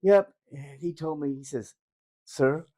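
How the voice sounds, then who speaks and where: Animated older man telling jokes. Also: medium pitch, fairly quick, poor audio. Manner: animated, laughs at his own punchlines. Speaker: joke-telling host. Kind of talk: casual joke telling.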